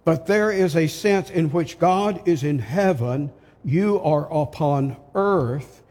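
An older man preaching a sermon, slow and emphatic, asking his listeners rhetorical questions. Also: a little high, darkish tone. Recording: long hall reverb.

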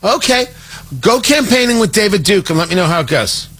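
A man's voice: high-pitched, animated, brisk, a bit bright, husky. A man delivering a sarcastic, exasperated political opinion monologue as a commentator.

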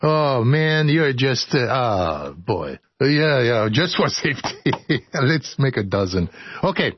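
A man's voice: mid-range voice, very animated, takes it slowly, slightly rough, no echo, highs cut off. A man hosting a radio show, joking his way through outtakes of his scripted narration. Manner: playful, joking, breaks into laughter and singing. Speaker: radio host.

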